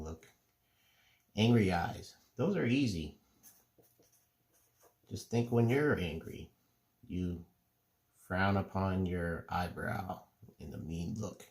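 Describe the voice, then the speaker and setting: Middle-aged man, drawing teacher; low, gravelly voice, slow and relaxed step-by-step explaining. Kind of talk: casual drawing tutorial.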